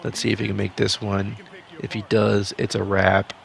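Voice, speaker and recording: A young man giving excited play-by-play commentary on a simulated basketball season, jumping to near-shouts on big plays and dropping to low asides. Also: moderate pace, gravelly. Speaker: sports sim video commentator.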